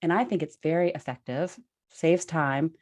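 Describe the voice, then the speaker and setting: A woman hosting a casual podcast conversation, animated and self-deprecating, laughing easily. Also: deep voice, moderate pace. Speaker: podcast host.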